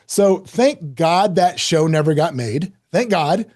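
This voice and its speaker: Animated, lively male storyteller. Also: a little high, measured pace, hardly any pauses. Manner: lively, self-mocking, acts out quotes. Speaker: podcast guest, author.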